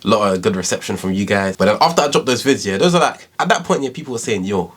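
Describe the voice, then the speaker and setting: A man's voice: on the low side, lively intonation, racing, background noise. A young man in his twenties with a London accent, telling his story in a casual, slangy, rambling way with constant tag questions. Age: 20s. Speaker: YouTuber.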